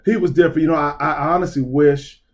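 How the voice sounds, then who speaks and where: A man's voice: fairly high pitch, steady tone, fast. A man being interviewed on a podcast, speaking in an earnest, reflective way with frequent fillers. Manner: earnest and reflective, many fillers like um and you know. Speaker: podcast guest, basketball recruiter. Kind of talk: casual interview chat.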